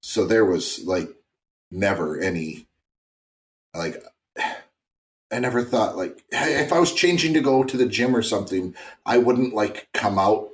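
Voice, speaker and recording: Low-voiced man chatting casually. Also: unhurried. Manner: relaxed, drifting into tangents with many fillers. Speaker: podcast co-host. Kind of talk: casual chat, reading news stories.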